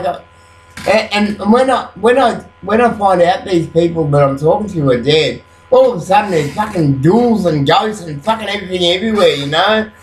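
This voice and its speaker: A man rambling at night into his webcam, agitated, swearing constantly and filling gaps with "you know". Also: on the high side. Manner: rambling, profane, agitated, full of fillers. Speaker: vlogger. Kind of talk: rambling late-night monologue. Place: at home at night after waking up. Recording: roomy echo.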